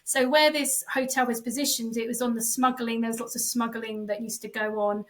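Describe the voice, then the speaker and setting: Animated woman medium, slightly off-mic. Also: on the high side, a little fast, recorded from a distance, rough recording. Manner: animated, acts out quoted voices, many fillers. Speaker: guest, psychic medium. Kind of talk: casual storytelling in a podcast chat.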